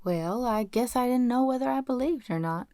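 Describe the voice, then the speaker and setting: A blunt, defiant runaway farm boy, as a woman reads him in an audiobook, speaking in plain folksy backcountry grammar. The tone is mellow and dark, and it sounds close and dry. It comes across as earnest storytelling. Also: fairly high pitch, expressive, normal speed, no room sound, pitched above the performer's own voice. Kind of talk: audiobook character reading.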